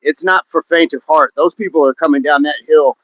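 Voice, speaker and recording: A man's voice: a little high, a little fast, a bit bright, no room sound. A man hosting a fitness livestream outdoors, chatting casually and joking as he reads viewer comments. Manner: joking, chatty, laughs often. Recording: dull, dry, lo-fi sound.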